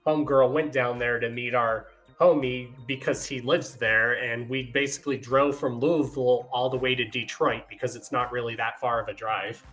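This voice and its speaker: A man hosts a casual podcast, speaking at normal speed in a medium-pitched voice with hardly any pauses while faint music sits in the background. His storytelling is animated, with acted-out quotes and plenty of laughter.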